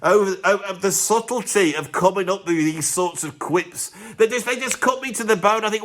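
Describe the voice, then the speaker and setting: A man's voice: high-pitched, moderate pace, few pauses, fairly bright tone. A man, a musician hosting his own video channel, ranting in a mock-pompous, self-mocking way. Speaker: YouTube host and professional drummer. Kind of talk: sarcastic comedic rant to camera.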